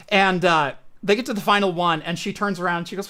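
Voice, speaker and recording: A man's voice: high-pitched, steady tone, a little fast, few pauses, bright, forceful tone. A man co-hosting a podcast in casual chat, telling a long story in a rambling way and acting out the quoted voices. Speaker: podcast co-host.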